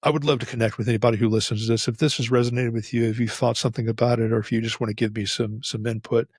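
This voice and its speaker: Man, middle-aged, solo podcast host, unscripted and candid, rambling, husky voice, dry close sound. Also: medium pitch, level tone, very fast, dry recording. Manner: rambling, candid storytelling with frequent restarts. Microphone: facing camera, close mic.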